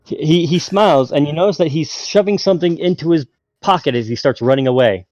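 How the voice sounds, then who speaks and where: A man's voice: fairly high pitch, fairly quick, a little mellow, no room sound, dull audio. A man narrating a tabletop game as game master, in a hesitant way with many fillers.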